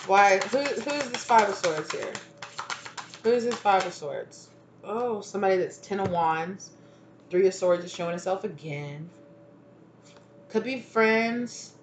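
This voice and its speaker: A woman's voice: mid-range voice, fairly bright tone. A woman talks through a tarot spread in a casual, chatty way, swearing freely and playing out what people might say. Her voice sits in the middle range. The recording has a roomy echo and a faint background noise. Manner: chatty, swears freely, laughs, acts out quoted lines. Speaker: tarot reader. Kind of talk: casual spoken tarot reading.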